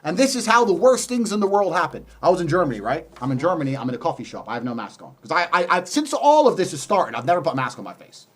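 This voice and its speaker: A man, an interview guest, arguing forcefully in a heated debate, mocking and insistent. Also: on the high side, sing-song, fast talker, hardly any pauses.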